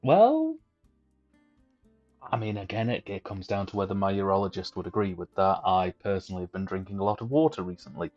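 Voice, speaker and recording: Guy on a stream, dry jokey banter, kinda low voice, muffled lo-fi sound. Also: big pitch swings, brisk, a little mellow. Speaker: stream co-host. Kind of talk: casual live-stream chat. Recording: dull lo-fi stream audio with faint music.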